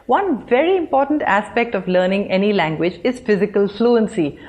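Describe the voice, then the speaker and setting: Clear-speaking woman teaching English. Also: mid-range voice, expressive, a little mellow. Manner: clear, deliberate teaching delivery with spoken examples. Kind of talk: scripted online lesson.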